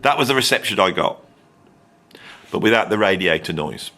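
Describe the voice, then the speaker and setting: A middle-aged man rants about music in an animated, sarcastic way, wandering off on tangents as he goes. His voice is bright and forceful. He talks straight to his viewers like a host who has done this many times. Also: sits low, moderate pace. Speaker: drummer and video host. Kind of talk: opinionated ranking monologue.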